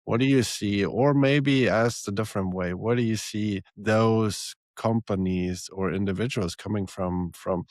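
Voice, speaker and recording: Male podcast host, very low voice, measured questions that he rephrases; dry studio sound. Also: no room sound. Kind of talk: podcast interview.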